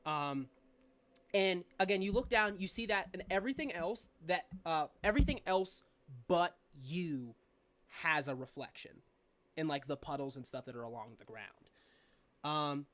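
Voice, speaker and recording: A woman's voice: sits low, animated, normal speed. A young adult woman narrating a tabletop game as game master, casual and rambling with fillers and swearing.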